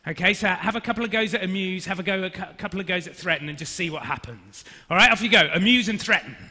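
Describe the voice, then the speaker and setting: A man in his thirties, an actor leading an energetic interactive business workshop and directing the audience. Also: high-pitched, fast talker. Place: large conference hall. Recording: reverberant hall.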